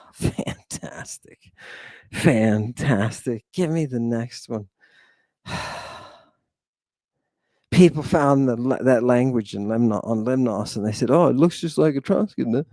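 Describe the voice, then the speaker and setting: A man's voice: mid-range voice, warm tone, no room sound. Theatrical man lecturing, sighing and exclaiming. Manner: theatrical, sighing, exclamatory, addresses viewers as "people". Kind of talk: livestream lecture.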